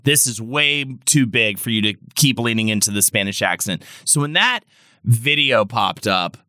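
A man's voice: lowish voice, animated, normal speed, pushed and bright, no room sound, studio quality. A man co-hosting a podcast, chatting casually in an emphatic, incredulous way. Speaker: podcast co-host. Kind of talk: casual gossip chat.

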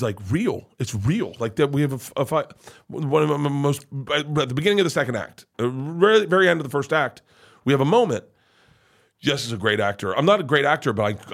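Rambling, profane middle-aged man telling stories. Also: mid-range voice. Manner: rambling, profane, emotional, with frequent restarts and laughs. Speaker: podcast guest. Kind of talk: casual storytelling chat.

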